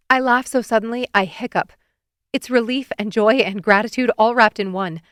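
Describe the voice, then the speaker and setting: A woman narrating a romance audiobook in the first person, expressive and giving feeling to the characters' lines. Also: medium pitch, normal speed, no room sound, studio quality.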